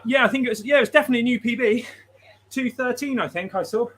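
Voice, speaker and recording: Chatty guy hosting a live stream, fairly high voice, reads out chat and laughs alot. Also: quick pace, a bit bright. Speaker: livestream host. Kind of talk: casual livestream chat.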